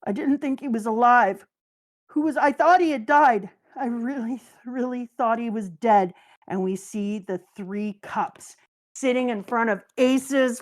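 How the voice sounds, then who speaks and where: A woman's voice: fairly high pitch, unhurried. A woman hosting a casual chat, gushing and joking her way through an anime recap. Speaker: host.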